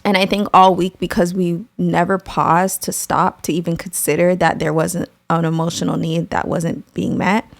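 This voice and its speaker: Gravelly-voiced young mom on a podcast. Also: female voice, lowish voice, level tone, normal speed, few pauses, no echo. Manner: open, candid and appreciative. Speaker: podcast co-host, mother. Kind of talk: casual conversation.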